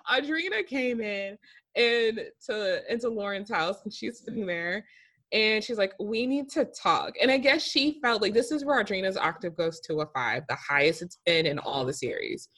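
A woman's voice: mid-range voice, lively intonation, a little slow, fairly bright tone. A woman co-hosting a casual recap podcast, ranting with exasperation and laughing often. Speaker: podcast co-host.

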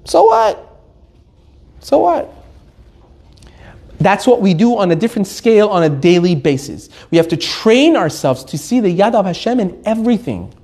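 A man giving an animated Torah lesson, joking, laughing often and telling stories with Hebrew terms mixed in. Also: high voice, brisk, hardly any pauses. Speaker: Torah teacher.

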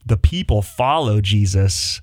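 Animated male pastor, dry sound. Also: fairly low pitch, unhurried, no echo. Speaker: pastor co-host. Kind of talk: casual discussion show.

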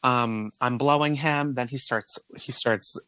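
A man's voice: mid-range voice, measured pace, bright, forceful tone, no echo. A man chatting casually on a podcast, telling a frank, profane story full of "like".

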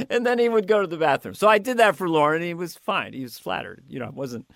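An older man, a comedian guest in a casual interview, telling animated stories with laughs and stammered restarts. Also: fairly high pitch, fast talker, vocal fry, few pauses, no echo, studio quality. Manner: animated storyteller, laughing and stammering through anecdotes.

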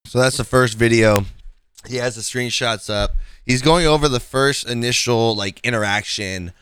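A man's voice: mid-range voice, normal speed, a bit bright, a little hiss or hum. A man hosting a podcast, talking loosely with restarts and fillers as he sets up clips. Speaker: podcast host. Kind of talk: casual commentary.

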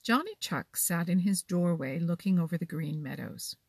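A woman with a husky, creaky voice reading a children's storybook gently and slowly. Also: fairly low pitch, dry recording.

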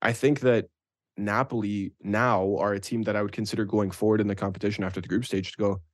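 A man co-hosts a casual football podcast in a fairly low voice. The sound is dry and close. He argues his points with animated conviction and tags his sentences with "right?". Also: quick pace, no echo. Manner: animated, opinionated, leans on "right?". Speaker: podcast co-host. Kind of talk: casual sports chat.

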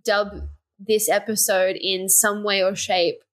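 A woman's voice: medium pitch, level tone, slow. A young woman co-hosting a podcast, bantering playfully and with enthusiasm in casual chat. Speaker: podcast co-host.

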